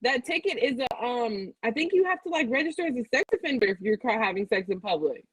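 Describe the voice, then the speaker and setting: A woman's voice: on the high side, sing-song, fast talker, slightly rough, poor audio. A young adult woman chatting casually on a talk show, hesitant, with lots of likes and ums. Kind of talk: casual chat.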